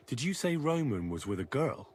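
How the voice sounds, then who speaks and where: A man voicing a calm young investigator in a video game, asking plain, low-key questions. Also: moderate pace, slightly rough.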